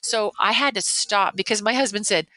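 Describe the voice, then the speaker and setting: A woman's voice: mid-range voice, normal speed, sharp tone, no room sound, low-quality recording. A woman in her sixties, a veteran educator, giving parenting advice in a casual interview, earnest and rambling with many restarts. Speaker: veteran educator, podcast guest.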